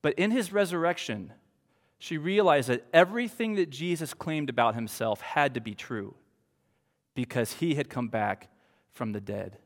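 A man preaching a sermon as pastor, in an earnest, slow style with emphatic pauses. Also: medium pitch, animated. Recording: long hall reverb.

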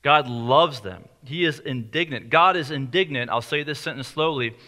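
A man preaching a sermon in a conversational way, slowing down on key lines for emphasis. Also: mid-range voice, bright, forceful tone. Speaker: pastor.

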